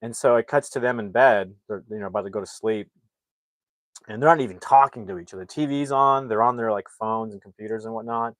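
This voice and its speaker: Low-ish voiced guy rambling thru a movie recap, doing little impressions, dry close mic. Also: a bit bright, no room sound. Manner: rambling, acts out characters' lines in quick impressions. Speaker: movie reviewer. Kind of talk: casual plot recap on a livestream.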